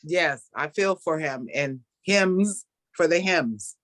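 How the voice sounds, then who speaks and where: A middle-aged woman hosting a casual video call chat, speaking warmly about a spiritual practice and laughing often. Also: low-pitched, expressive, slow, no room sound. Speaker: host.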